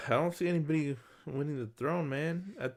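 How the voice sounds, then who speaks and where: A man co-hosting a casual podcast, explaining things patiently in a relaxed way with casual swearing. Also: on the high side, normal speed. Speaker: podcast co-host. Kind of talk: casual chat.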